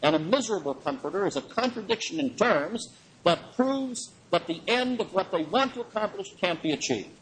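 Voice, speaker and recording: A man giving a lecture on the Bible in an animated way, chuckling often and swinging his pitch for emphasis. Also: moderate pace, breathy edge, rough recording. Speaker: Bible teacher.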